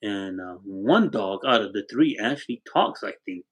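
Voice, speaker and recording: A man's voice: lowish voice, expressive, moderate pace, breathy edge, low-quality recording. Older man chatting on a home livestream. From Arizona. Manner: rambling, warm storytelling, thanks viewers by name. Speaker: livestream host. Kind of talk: casual livestream chat. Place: home with a wood stove.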